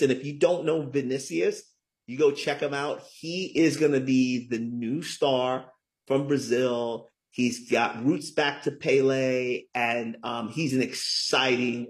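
A middle-aged man talks through a casual interview as a guest, explaining things in an easy, chatty way. He leans hard on key words and keeps checking in with the listener. His voice sits at an ordinary pitch. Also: fairly even intonation, measured pace. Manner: chatty, lots of "right?" tags, emphatic. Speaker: guest, author.

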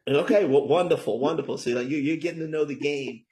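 A man's voice: a little high, quick pace, a little mellow. A middle-aged man being interviewed as an author, talking in a chatty, emphatic way and often tagging "right?" onto his points. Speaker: guest, author. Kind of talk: casual interview talk.

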